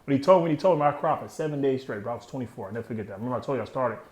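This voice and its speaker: Animated and rapid-fire, a medium-pitched, slightly mellow man in his thirties recounts his own life candidly in an interview. The room is reverberant, and his talk is full of slang, with a streetwise edge and frequent trailing off.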